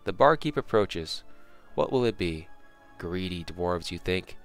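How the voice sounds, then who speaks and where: A man narrates a fantasy adventure in the second person, measured and steady with the odd slip. His voice sits low. A quiet music bed runs behind the reading. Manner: measured, with small slips.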